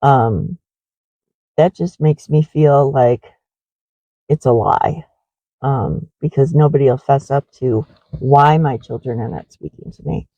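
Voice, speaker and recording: Middle-aged woman, confessional rambling, casual walking vlog, slow pace, dry lo-fi sound. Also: rumbling low, warm tone, breathy edge, no room sound. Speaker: horse ranch owner.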